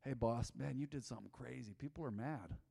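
A preacher doing a worried slangy disciple. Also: male voice, medium pitch, brisk, vocal fry, mellow, pitched below the performer's own voice. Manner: casual slangy talk, uneasy. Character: male disciple warning his leader, casual and worried.

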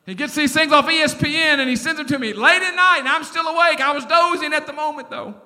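A middle-aged man preaches with a very high, bright, cutting voice. He delivers an animated sermon and draws the congregation into call-and-response. His voice carries a long reverb from a large church hall. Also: fast. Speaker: pastor.

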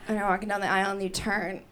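A woman hosting a stand-up comedy show on a club stage, telling stories with lots of laughter into a handheld mic. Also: mid-range voice. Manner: animated, laughing through her stories. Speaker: stand-up host.

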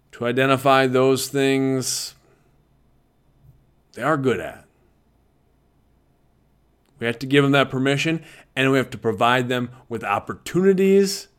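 Earnest male art teacher addressing peers, casual and warm, mid-pitched. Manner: earnest, conversational, laughs easily. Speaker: visual arts teacher. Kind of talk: talk to fellow teachers.

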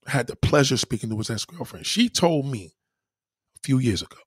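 Man, casual profane storytelling, raspy, dry close sound. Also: mid-range voice, brisk, no echo. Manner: animated, slangy, swearing freely, repeating "you know what I mean". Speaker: storyteller addressing followers.

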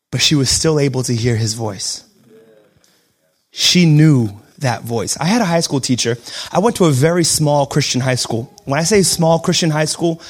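A young adult man preaching a sermon, switching between shouted declarations and quiet, joking asides. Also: fairly high pitch. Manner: self-deprecating humor. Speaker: pastor.

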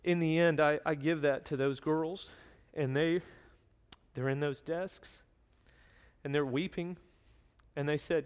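A man's voice: on the high side, fairly even intonation, slow pace, long pauses, smooth. Man preaching in a church, earnest storyteller, reads out bible verses, big echoey hall. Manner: earnest storytelling, reading scripture aloud. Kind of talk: sermon. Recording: long hall reverb.

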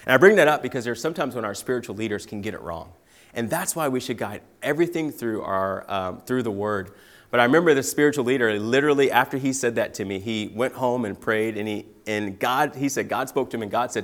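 A young man preaching a sermon, telling personal stories with lively swings from loud excitement to quiet, hushed emphasis. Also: mid-range voice, quick pace. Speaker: guest preacher.

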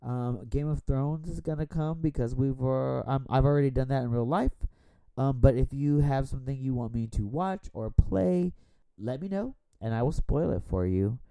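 A man's voice: medium pitch, normal speed, gravelly, dark tone, smooth, no room sound. A man hosting a podcast while tipsy, talking in a rambling, profane, casual way. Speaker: podcast host. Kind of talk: casual chat. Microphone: borrowed studio microphone.

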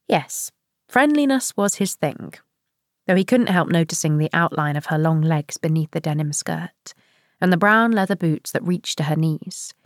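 A woman narrating an audiobook in a measured way, lightly shifting her voice for characters. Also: on the low side, dry recording, studio quality.

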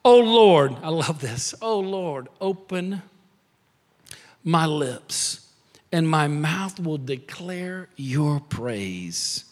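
High-voiced preacher in a reverberant hall. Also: male voice, sing-song, drawn-out words. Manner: swings from soft near-whispers to shouted emphasis. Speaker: pastor. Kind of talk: sermon.

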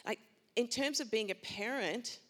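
A woman's voice: fairly high pitch, a little slow, fairly bright tone. A middle-aged woman who is a panel guest, speaking earnestly and fervently about faith. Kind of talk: faith talk.

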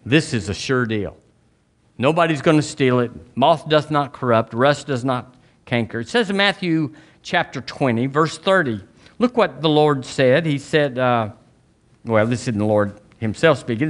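Man, pastor, sermon, folksy storytelling, mid-pitched voice, jumps high for quoted voices. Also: animated, normal speed. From Southern US.

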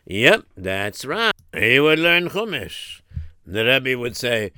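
A man's voice: medium pitch, very animated, takes it slowly, bright, forceful tone, clear, resonant tone, dry recording, studio quality. A man telling a story in a folksy way, sprinkling in Yiddish and Hebrew words. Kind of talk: spoken storytelling.

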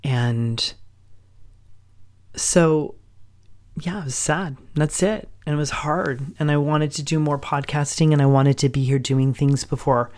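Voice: mid-range voice, a little slow, darkish tone. A middle-aged podcast host giving a reflective personal monologue, speaking in an open, emotional way and stringing long thoughts together with "and". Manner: open and emotional, long run-on sentences linked with "and".

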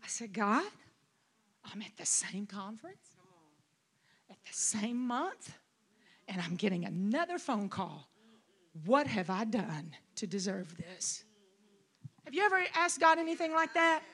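A middle-aged woman pastor preaching a sermon, telling a personal story with rising emotion and shouting. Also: mid-range voice, sing-song, unhurried, long pauses, slightly rough. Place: conference hall.

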